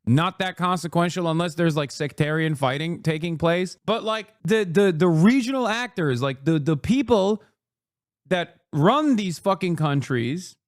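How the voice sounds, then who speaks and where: A man's voice: fairly high pitch, lively intonation, measured pace, no room sound, studio quality. A man hosting a live stream, reacting to clips with heated, profane ranting. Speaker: streamer host.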